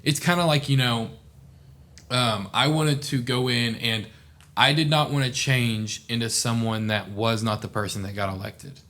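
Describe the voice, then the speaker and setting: His voice is mid-range and a little bright, delivered at a moderate pace. The young adult, a southeast Oklahoma native and former student officer, guests on a casual podcast and rambles sincerely, filling his speech with "like".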